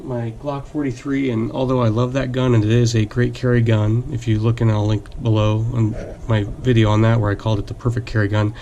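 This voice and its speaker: A man with a mellow, gravelly voice, a little hoarse from losing it, talks casually to camera about his gear. He rambles, restarts, and leans on fillers. A faint background hum sits under his voice. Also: mid-range voice, little pitch movement, brisk, hardly any pauses, muffled recording. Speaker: gun channel host. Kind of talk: casual product talk to camera.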